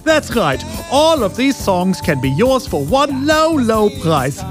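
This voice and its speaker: An actor playing a naive, cheerful man with oddly mangled English, pitching in a mock infomercial. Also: big pitch swings, slow, full character voice. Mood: pitchman. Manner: quirky broken phrasing, sing-song pitch man. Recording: music bed behind.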